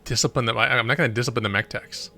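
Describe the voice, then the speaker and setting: A man's voice: mid-range voice, rapid-fire, creaky, sharp tone, soft background music. A man thinking aloud and muttering as he streams a strategy game. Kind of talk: casual gameplay commentary.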